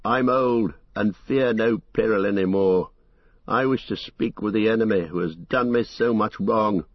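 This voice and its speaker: A man's voice: on the low side, unhurried, no echo, highs cut off. A man voicing an aged, proud king in an audiobook, speaking solemnly. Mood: resolute.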